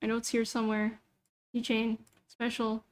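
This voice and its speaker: Talking in a slightly high, monotone voice at normal speed, the young VTuber mutters to herself while browsing during a casual livestream. She swears freely as she chats.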